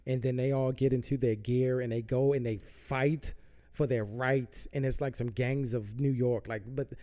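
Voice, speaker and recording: A man's voice: medium pitch, steady tone, normal speed, warm tone. A man hosting a podcast, ranting heatedly about politics with lots of profanity and repetition. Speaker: podcast host. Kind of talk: political rant. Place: Southern California.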